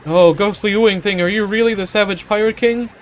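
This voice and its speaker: A man's voice: high voice, steady tone, a little fast, faint music behind, pitched above the performer's own voice, close to an everyday voice. A man voicing a pompous, vain male merchant captain from a video game, in grand, theatrical formal speech. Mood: pompous alarm. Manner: grandiose, theatrical, old-fashioned formal phrasing.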